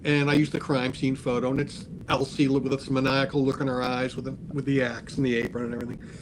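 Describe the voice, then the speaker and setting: An older man telling a long story in casual talk, animated, acting out the voices of the people he quotes. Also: mid-range voice, background noise. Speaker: guest artist.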